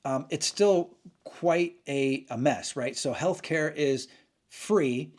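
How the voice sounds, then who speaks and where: A man's voice: fairly high pitch, slow pace, darkish tone. Male host, loose talk-to-camera delivery, meandering and self-correcting. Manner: rambling, frequent restarts and self-corrections. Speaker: channel host. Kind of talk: casual opinion monologue.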